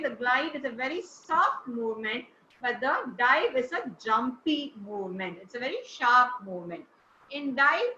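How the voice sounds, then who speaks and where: A woman's voice: high voice, bright, forceful tone, slight background noise. A woman teaching intonation to a class, encouraging and praising students as she goes. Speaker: speech trainer. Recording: roomy, dull-sounding recording.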